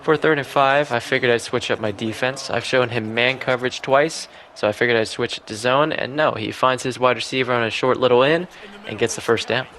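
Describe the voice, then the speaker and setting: A man's voice: medium pitch, fairly even intonation, brisk, a bit bright, slight background noise. A young man giving casual, self-deprecating play-by-play commentary over his football video game match. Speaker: gaming YouTuber.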